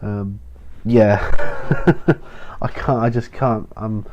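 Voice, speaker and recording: A weary man talks through viewer questions in a low, dark voice, meandering and restarting his sentences. The home recording sounds dull and muffled. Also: level tone, takes it slowly, slight background noise. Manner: rambling, self-interrupting, frequent ums and sighs. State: tired, prone to yawning. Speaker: channel host answering viewer questions. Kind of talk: casual solo Q&A video.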